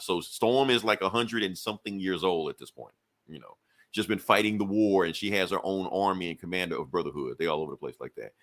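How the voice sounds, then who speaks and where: A man's voice: low voice, fast talker, fairly bright tone. A man co-hosting a podcast, loosely recapping a comic book in casual, rambling talk full of fillers. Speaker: podcast co-host.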